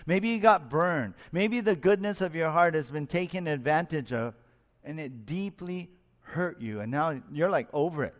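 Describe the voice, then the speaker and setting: A man's voice: on the high side, lively intonation, normal speed. Earnest male pastor in a reverberant hall. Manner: earnest, rises and falls for emphasis, asks listeners questions. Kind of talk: sermon.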